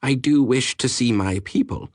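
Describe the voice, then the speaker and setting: A male narrator voicing a calm, patient alien woman with an accent that is almost French, in an audiobook. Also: extremely low pitch, normal speed, no room sound, studio quality, voice pushed up. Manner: soft, patient, diplomatic.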